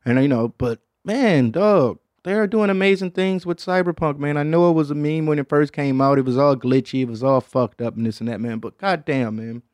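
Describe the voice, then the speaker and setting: A man's voice: a little high, brisk, hardly any pauses, darkish tone, dry recording, studio quality. A man from Detroit hosting a podcast in casual chat, rambling and slangy and swearing often, with "man" at the end of many lines. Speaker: podcast host.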